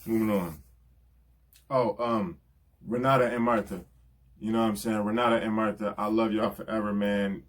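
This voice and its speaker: A rapper giving album shout-outs speaks in a lowish, flat voice at normal speed. In casual, heartfelt talk, he earnestly thanks the people in his life, repeating "you know what I'm saying."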